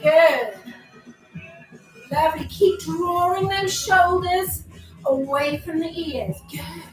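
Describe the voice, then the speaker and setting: Her voice very high and her pace slow, a woman leads a live online workout from an indoor room at home, a little breathless. She offers encouragement, counts down and chats between moves; the mic is distant, the room echoes and faint music plays.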